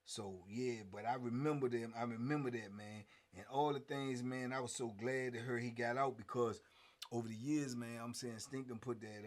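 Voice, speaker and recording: A middle-aged man, telling prison stories in a casual, animated way and acting out what others said. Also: mid-range voice. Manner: animated, acts out quotes, frequent "man". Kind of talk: casual storytelling.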